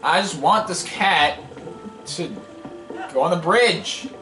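A man's voice: high-pitched, lively intonation, slow, bright, forceful tone. A man giving casual, rambling gameplay commentary as a let's play host, impatient and wisecracking. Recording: echoey room, game music behind.

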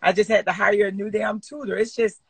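A woman's voice: mid-range voice, fairly even intonation, fairly quick, gravelly, slightly rough, no echo. A woman in her forties, a guest on a live video chat, talking candidly and emphatically and swearing freely. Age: 40s. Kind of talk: casual live-stream chat. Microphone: phone on a live video call.

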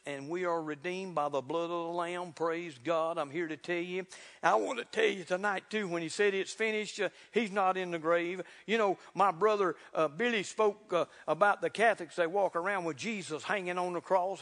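A man preaching a sermon in a folksy, fervent way, building to loud exclamations. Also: sits high, fairly even intonation, moderate pace. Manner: folksy, repeats "look here". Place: church sanctuary. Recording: reverberant church hall.

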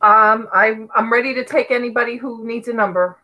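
A woman's voice: a little high, steady tone, a little fast, muffled recording, slight background noise. A woman co-hosting a casual live-stream, chiming in with short friendly remarks and jokes. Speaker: co-host.

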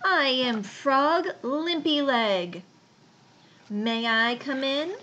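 A woman's voice: high-pitched, drawn-out words, bright, forceful tone, dull audio, voice pushed up, full character voice. A woman doing a hesitant limping frog. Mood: curious. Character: male frog with a limp.

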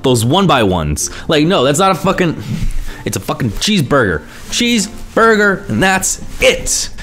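A man's voice: fairly high pitch, a bit bright. A young man vlogging, ranting in a casual, profane way with exasperated asides. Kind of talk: ranting vlog monologue.

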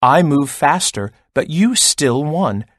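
A man's voice: fairly high pitch, sing-song, no room sound, clean studio sound, exaggerated voice. Man voicing sheepish rabbit Henry. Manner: slow, sheepish.

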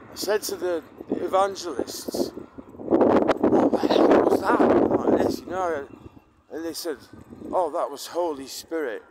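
A man in his forties giving a personal testimony to camera, halting with many restarts and dropping to a hushed tone when moved. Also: medium pitch, slight background noise. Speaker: Christian video host.

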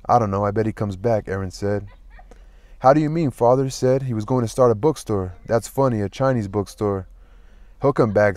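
A man reading a novel aloud in an even, plain manner, lightly voicing the dialogue. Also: fairly low pitch, no room sound. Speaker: audiobook reader.

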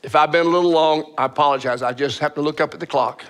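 A man's voice: a little high, steady tone, quick pace, fairly bright tone. A male pastor preaching a sermon in a church, telling a story with lots of stammered, repeated starts.

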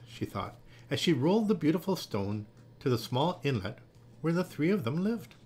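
A man gently and expressively reading a children's picture book aloud. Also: fairly high pitch, sing-song, moderate pace, husky. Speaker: storyteller.

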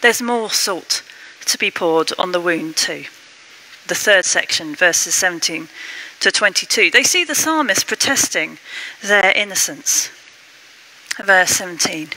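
Bright-voiced woman curate preaching. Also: measured pace, rough recording. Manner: expressive, acts out the quotes with rising pitch. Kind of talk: sermon.

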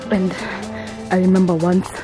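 A woman's voice: lowish voice, completely flat delivery, normal speed, music in the background. A Kenyan woman in her twenties, talking to camera in a casual vlog, emotional and gushing, repeating her phrases. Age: 20s. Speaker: vlogger.

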